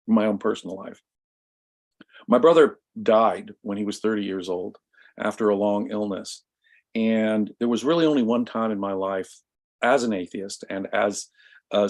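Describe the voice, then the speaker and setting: A man in a casual discussion, telling a story in an emphatic, animated way. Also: fairly low pitch. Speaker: guest commentator.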